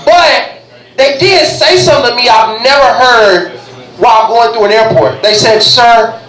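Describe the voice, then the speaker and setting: A man performing a stand-up comedy set, telling a story with deadpan asides on a club stage. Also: very high-pitched, moderate pace, soft background music. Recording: echoey club room.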